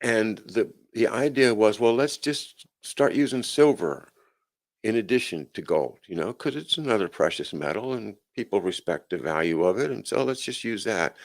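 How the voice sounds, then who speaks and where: A man's voice: lowish voice, lively intonation, normal speed. A male host of a live chat show, reading news aloud and adding sardonic, chuckling asides with frequent "uh"s and restarts. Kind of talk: casual livestream commentary, reading news aloud.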